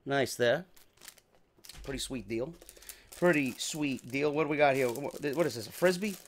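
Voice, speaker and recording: A man's voice: medium pitch, moderate pace, a little hiss or hum. A man with a New York accent hosts a wrestling show, unboxing merchandise in casual chat full of swearing. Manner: heavy swearing, excitable.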